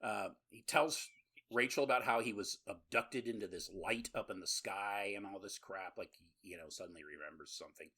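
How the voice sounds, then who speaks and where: A man's voice: fairly low pitch, normal speed, bright, forceful tone, breathy edge. A man co-hosting a podcast, recapping a horror movie in rambling, profane casual chat full of laughs. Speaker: podcast co-host.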